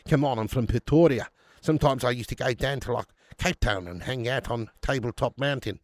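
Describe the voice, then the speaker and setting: A man's voice: mid-range voice, fairly quick, dry recording, studio quality, lightly acted. A man voicing a boastful male South African football fan with a put-on accent and swaggering trash talk.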